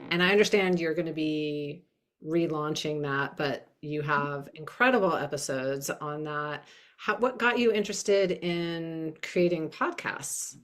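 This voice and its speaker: A woman with a deep, low voice hosting a podcast. She talks casually, nods along with the guest's points and follows up with interested questions. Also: measured pace. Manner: warm, affirming, asks questions. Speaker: podcast host.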